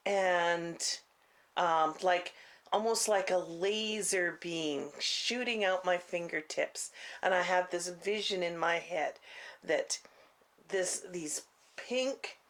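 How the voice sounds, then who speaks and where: A woman vlogger telling a personal story in a casual, halting way, full of restarts and "you know", on a clip-on mic. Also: on the low side, fairly bright tone. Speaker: faith vlogger. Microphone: clip-on mic she keeps bumping.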